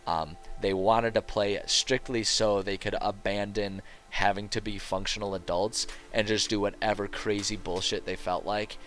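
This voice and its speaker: Man, live-stream game master, casual rambling chat, light swearing, low voice, soft background music. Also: flat delivery, normal speed, few pauses.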